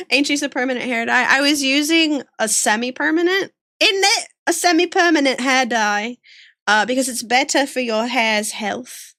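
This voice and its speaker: A woman's voice: high-pitched, a little slow, pushed and bright, dry recording, clean studio sound. A young woman streamer chatting casually while she draws. She rambles, giggles often and reads chat aloud. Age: young adult.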